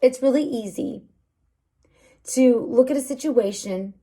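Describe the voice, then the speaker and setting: Woman vlogger with a higher voice, earnest and coaxing relationship pep talk. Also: a little slow, warm tone, husky. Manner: earnest, repetitive, coaxing with frequent "okay?". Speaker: vlogger giving relationship advice. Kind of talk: casual motivational pep talk.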